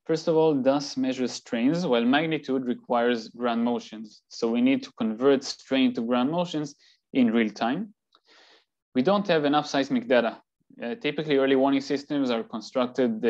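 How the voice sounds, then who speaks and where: A man giving an academic talk with slides, explaining in a measured way with occasional fillers. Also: mid-range voice, steady tone, a little mellow, dull audio. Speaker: seismology lecturer.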